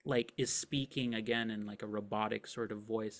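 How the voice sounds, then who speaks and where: A man's voice: on the low side, steady tone, moderate pace, hardly any pauses. A man narrating a tabletop game as game master, describing scenes casually and vividly with many filler words.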